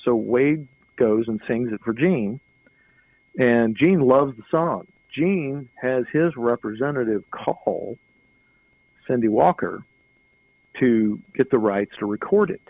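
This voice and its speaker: A middle-aged man shares a lengthy anecdote as a guest in an interview, rambling casually, chuckling, and repeating words often. He speaks slowly in a mid-range voice with a breathy edge. The recording is dry, narrow, and tinny.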